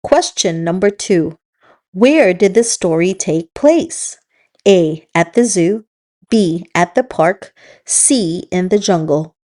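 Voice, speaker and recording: A woman hosting a children's read-aloud, telling the story in a slow, encouraging teacher's manner. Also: lowish voice, lively intonation, a little mellow. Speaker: children's book reader and host.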